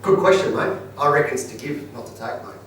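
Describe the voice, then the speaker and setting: A man's voice: a little high, lively intonation, quick pace, fairly bright tone. An Australian man talking bluntly and colloquially as a guest speaker, answering audience questions. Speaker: guest speaker, business owner. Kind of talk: live Q&A storytelling. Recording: echoey room, distant mic, noisy.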